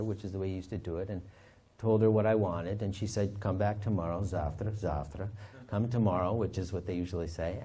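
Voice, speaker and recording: A man, an author and historian, telling stories from his research in a lively anecdotal way. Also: lowish voice. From United States. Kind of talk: storytelling talk.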